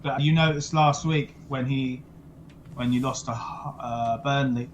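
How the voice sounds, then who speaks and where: A man's voice: mid-range voice, steady tone, unhurried, slight background noise, rough recording. A young man with a blunt, sweary, rambling manner, chatting casually about football over a video call. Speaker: football podcast co-host.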